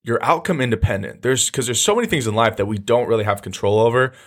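A man's voice: mid-range voice, lively intonation, fast, fairly bright tone. A young man hosting a casual podcast monologue, blunt and profane, talking loosely with many restarts. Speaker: podcast host.

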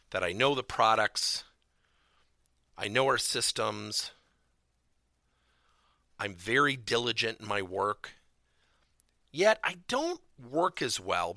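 A man's voice: on the low side, sharp tone, no echo, studio quality. A man giving a motivational business talk as a corporate coaching trainer, stressing key words emphatically and theatrically.

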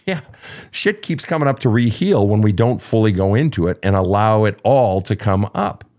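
This man speaks on the low side at a normal speed, hosting a live advice show as a podcast host. His answers to listeners are blunt, profane and emphatic, delivered animatedly with acted-out emotional outbursts.

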